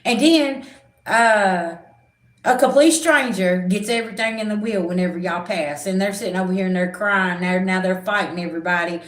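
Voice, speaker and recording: A woman's voice: medium pitch, moderate pace, reverberant. A middle-aged woman, a spiritual reader, talking bluntly and animatedly in a casual livestream chat, swearing freely.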